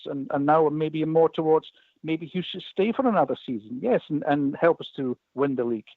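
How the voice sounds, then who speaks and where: A man with a Scottish Highland accent calling in to a radio show, talking hesitantly with many fillers and restarts. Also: dry recording. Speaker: caller. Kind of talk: casual phone-in chat. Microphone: phone line. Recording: tinny dry phone line.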